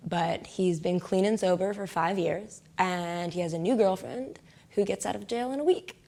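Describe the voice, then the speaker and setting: A young adult woman casually telling a personal story, often saying "like", laughing a lot and sometimes dropping to a soft whisper. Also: fairly low pitch, takes it slowly, gravelly, pauses often. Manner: chatty, heavy use of "like", laughs often. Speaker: interviewee.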